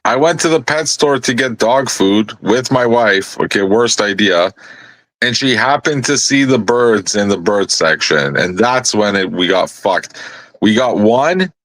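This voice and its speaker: A man's voice: on the low side, lively intonation, measured pace, fairly bright tone, no echo. A man telling a rambling, profane story in a casual live panel chat.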